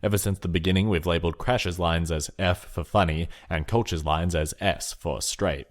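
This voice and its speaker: Deep-voiced man narrating calmly. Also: moderate pace. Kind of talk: scripted narration.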